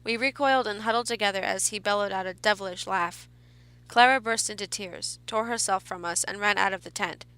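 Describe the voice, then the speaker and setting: A woman reads a horror story aloud at a steady, measured pace, now and then restarting a phrase. Her voice is bright and forward. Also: medium pitch, clear, resonant tone, no room sound. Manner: measured reading with small restarts. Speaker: narrator.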